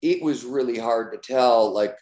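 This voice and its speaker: A man being interviewed as an author, talking in a casual, animated way and laughing often between tangents. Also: medium pitch, moderate pace. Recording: roomy echo.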